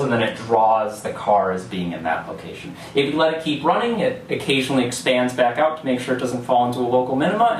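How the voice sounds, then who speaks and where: Young man, student presenter, roomy echo, heard from across the room, faint hiss. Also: medium pitch. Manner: explanatory, loose, with fillers and restarts. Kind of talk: classroom lecture presentation. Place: lecture hall. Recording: echoey room from far off.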